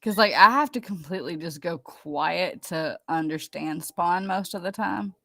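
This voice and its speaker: A woman's voice: fairly low pitch, normal speed, creaky, bright, forceful tone, no echo. A woman hosting a live stream, chatting casually with viewers in a rambling, chatty way. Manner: rambling, chatty, laughs easily.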